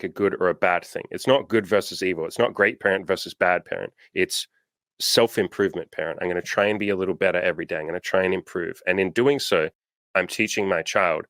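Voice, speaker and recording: A man's voice: deep voice, brisk, a bit bright, no room sound. A man hosting a coaching interview, talking frankly and emphatically with casual swearing. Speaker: coach and host.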